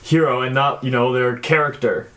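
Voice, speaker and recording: A man's voice: mid-range voice, moderate pace. Young male co-host, loose rambling delivery, echoey room. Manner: relaxed, rambling explanations with fillers. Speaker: podcast co-host. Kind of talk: casual chat. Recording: roomy sound with faint noise.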